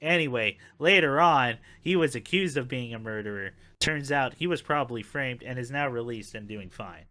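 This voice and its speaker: A man chats on a podcast, telling a wild tale in a loose, laughing way with some swearing. His voice has a bright, forward edge. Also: medium pitch, expressive, normal speed, hardly any pauses. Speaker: podcast co-host. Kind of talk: casual chat.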